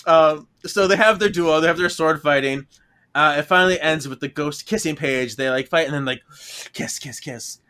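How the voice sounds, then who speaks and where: Bright, animated man recapping a story. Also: fairly high pitch, moderate pace, clean tone. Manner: animated, laughing often, acts out characters' lines. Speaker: podcast co-host. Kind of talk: casual chat recapping a book.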